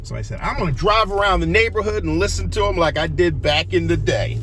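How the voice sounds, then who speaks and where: A man excitedly introducing an old radio recording for his channel, speaking from his car. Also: on the high side, brisk, hardly any pauses, over music. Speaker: aircheck channel host. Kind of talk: casual video intro.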